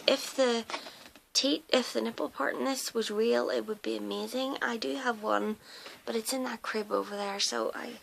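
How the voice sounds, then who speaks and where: A woman's voice: fairly high pitch, vocal fry, a bit bright, a little hiss or hum, low-quality recording. A woman who is losing her voice, chatting casually and hesitantly, with lots of fillers, as she shows off her doll collection in her home nursery. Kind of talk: casual show-and-tell video.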